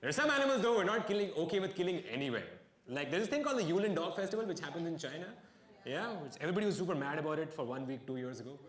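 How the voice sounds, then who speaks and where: A young man doing a stand-up comedy set on stage, with wry deadpan asides and bursts of mock outrage. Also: on the high side, rapid-fire. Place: stage before a live audience. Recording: echoey live venue with crowd noise.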